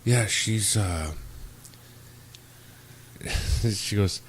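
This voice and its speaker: A man's voice: fairly low pitch, unhurried, slight background noise. A young man hosting a podcast, rambling through a story in casual chat and acting out quoted exchanges. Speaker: podcast host.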